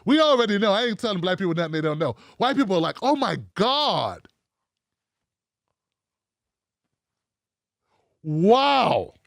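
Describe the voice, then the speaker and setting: A male vlog host giving political commentary, profane and mocking. His voice sits high for a man and swings widely, and he speaks slowly with a dry, close sound. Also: lively intonation, a bit bright, no echo.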